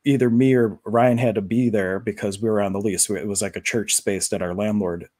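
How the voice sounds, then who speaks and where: A man hosts a live stream and talks casually to his viewers, wandering from story to story with plenty of fillers. His voice sits low and sounds mellow and dark. The recording is dry and close. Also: fairly quick, dry recording. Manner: relaxed, conversational, rambling with fillers. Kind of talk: casual spiritual talk to viewers.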